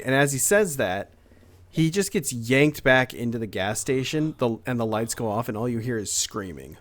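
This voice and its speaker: A man's voice: medium pitch, lively intonation, fairly quick, a bit bright. Man narrating as game master. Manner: casual, with frequent fillers and restarts.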